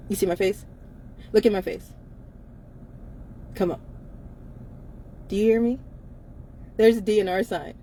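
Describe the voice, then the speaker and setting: A woman's voice: mid-range voice, dark tone. Woman live chatting from her car, blunt and emphatic, laughs a lot, bit of engine hum behind. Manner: blunt, emphatic, laughs often between lines. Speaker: co-host of a live chat. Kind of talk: casual live-stream chat. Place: inside a car.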